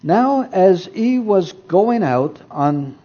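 A man preaching a sermon, retelling scripture stories with emphatic, deliberate delivery. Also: high voice, sing-song. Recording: dull lo-fi recording.

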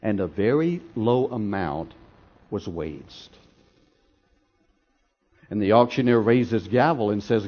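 A man preaching a dramatic sermon, telling a story with swells of intensity and drops to hushed tones, in a dull lo-fi recording. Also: fairly low pitch, expressive, takes it slowly, long pauses, breathy edge. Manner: dramatic, swelling then dropping to near whispers.

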